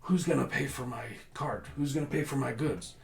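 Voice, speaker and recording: A man's voice: mid-range voice, fairly quick, gravelly, reverberant, voice pushed up, natural voice. A man voicing an older male halfling merchant who screams outraged complaints. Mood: furious.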